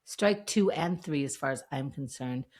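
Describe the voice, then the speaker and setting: A woman's voice: rumbling low, animated, moderate pace, darkish tone. A woman co-hosting a podcast, casually recapping a TV scene and acting out the lines she quotes. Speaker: podcast co-host.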